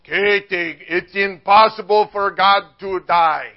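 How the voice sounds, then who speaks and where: A male preacher voicing a learned theologian husband, slow and earnest. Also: sits high, steady tone, muffled recording.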